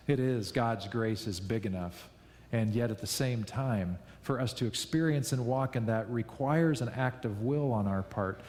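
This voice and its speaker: A man preaching a sermon, telling a story in a lively way and repeating key lines for emphasis. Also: medium pitch, big-room sound. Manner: storytelling, animated, with repetitions for emphasis. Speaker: pastor.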